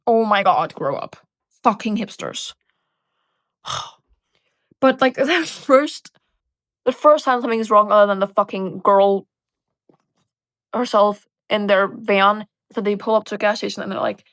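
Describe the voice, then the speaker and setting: A young woman vlogging in casual chat, animated and sarcastic, swearing a lot and tagging lines with "like" and "right?". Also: medium pitch, no room sound. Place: bedroom.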